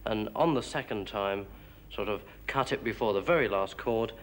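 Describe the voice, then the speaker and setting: A man's voice: fairly low pitch, normal speed, a bit bright. A British man, a jazz musician, suggesting an arrangement at rehearsal, hesitant and repeating words as he thinks. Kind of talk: rehearsal discussion.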